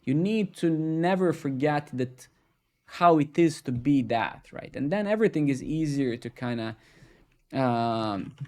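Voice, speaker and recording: A young man with a fairly high voice talks loosely on a live stream. He swears and leans on fillers like "right?" and "like". His delivery is animated, and he mocks his teenage self as he goes. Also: measured pace. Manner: swearing, filler-heavy, keeps asking "right?"; animated, acts out his teen self mockingly. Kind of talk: casual rant on a live stream.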